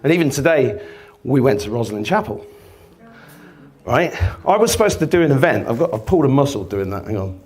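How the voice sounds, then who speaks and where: A man's voice: mid-range voice, very animated, brisk, breathy edge. A man giving a live talk to an audience, telling stories and acting out the people in them, swearing freely. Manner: storytelling, acts out shouting people, swears freely. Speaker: speaker.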